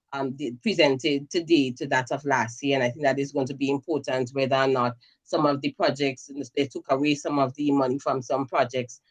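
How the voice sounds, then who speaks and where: A woman from Grenada calling in to a talk show, giving measured, earnest commentary with frequent fillers. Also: rumbling low. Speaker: caller commenting on the budget. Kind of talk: casual call-in commentary.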